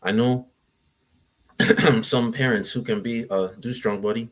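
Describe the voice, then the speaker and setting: A young man, a guest on a talk show, giving advice to parents in a halting, rambling way, with many restarts. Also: mid-range voice, steady tone. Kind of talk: casual chat, giving advice.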